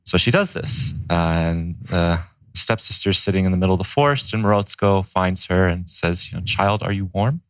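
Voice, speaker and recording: A man guest in a podcast interview, telling a folk tale at an unhurried storyteller's pace. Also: low-pitched, fairly bright tone, clean tone, no echo, poor audio. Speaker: ice bath company co-founder.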